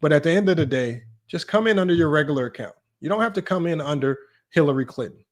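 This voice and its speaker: A man hosting a casual sports livestream, teasing his chat, his voice jumping up in mock disbelief. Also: fast talker. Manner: animated, teasing, voice jumps high in mock disbelief. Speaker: livestream sports talk host.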